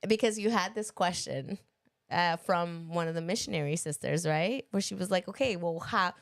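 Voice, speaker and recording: A woman's voice: lowish voice, moderate pace. Playful, teasing woman co-host. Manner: teasing, playful, laughs often. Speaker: podcast co-host. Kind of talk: casual chat.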